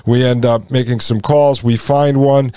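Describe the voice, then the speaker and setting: A man's voice: medium pitch, fairly even intonation, a little slow, dark tone, smooth, no room sound, clean studio sound. A man in his forties hosting a podcast, telling a personal story in a rambling, folksy way and speaking to listeners as folks. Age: 40s. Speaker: podcast host. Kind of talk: casual storytelling monologue.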